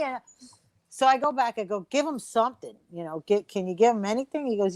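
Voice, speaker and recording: Woman comic, high voice, brash profane storyteller, dry close mic. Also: animated, fast, no echo. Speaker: comedian guest. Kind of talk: storytelling round-table chat.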